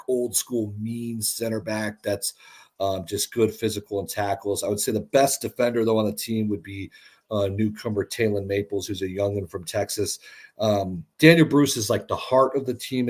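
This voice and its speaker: Husky man talking soccer. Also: fairly low pitch. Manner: animated, uses filler and "dude". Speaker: soccer commentator guest. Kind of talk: casual sports chat.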